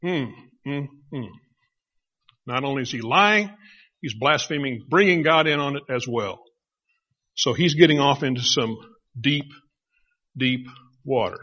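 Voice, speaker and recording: A middle-aged man preaching a sermon, retelling a story in a conversational, animated way. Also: medium pitch, moderate pace, pauses often. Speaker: pastor. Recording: dull lo-fi recording.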